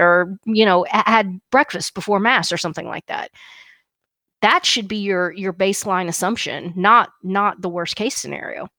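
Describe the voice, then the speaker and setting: A middle-aged woman co-hosting a podcast in casual chat, animated and laughing often, with frequent restarts. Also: lowish voice, moderate pace, dry recording, studio quality. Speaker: podcast co-host.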